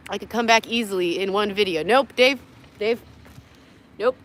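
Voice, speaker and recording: A woman's voice: medium pitch, takes it slowly, fairly bright tone, slight background noise. A tired young woman rambling through a livestream from her parked car, joking crudely, laughing often and cooing at her dogs. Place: parked car in a parking lot.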